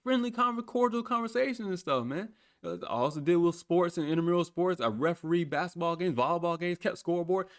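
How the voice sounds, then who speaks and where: A man's voice: sits high, a little fast. A man casually recounting a story from his military days, swearing freely and acting out what people said. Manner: animated, swears freely, acts out quotes.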